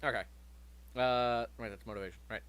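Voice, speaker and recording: A man's voice: medium pitch, fairly even intonation, a little fast, fairly bright tone, smooth. A man running a tabletop game as game master, joking and swearing freely.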